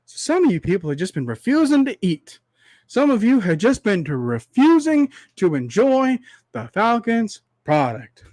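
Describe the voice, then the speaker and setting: A young man with a high, light voice rants to his livestream viewers in a preachy monologue, dotting it with rhetorical asides. His voice is worn from talking for a long time. The sound is close and dry. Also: sing-song, darkish tone, no echo. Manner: preachy, repetitive rhetorical asides, drawn-out extended metaphor. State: voice tiring from long talk. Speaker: livestream host.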